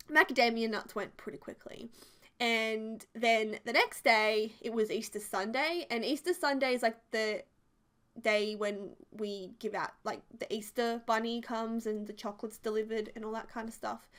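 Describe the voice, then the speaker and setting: A young woman in her twenties tells a rambling personal story in a casual, chatty way. Her voice sits a little high, and she fills her sentences with "like" as she goes. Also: normal speed. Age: 20s. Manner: chatty and animated, heavy use of "like". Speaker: video creator. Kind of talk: casual storytelling over a build video.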